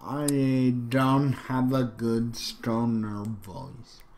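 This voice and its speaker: Slow-talking man doing game commentary. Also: mid-range voice, level tone, darkish tone, slight background noise. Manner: reads level names aloud, jokey outbursts. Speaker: gaming video host. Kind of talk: let's play commentary.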